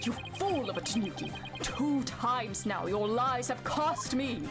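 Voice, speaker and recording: A woman voicing a brooding, menacing samurai prosecutor in a video game, with a stern, archaic, drawn-out delivery. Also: fairly high pitch, lively intonation. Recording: loud game music underneath.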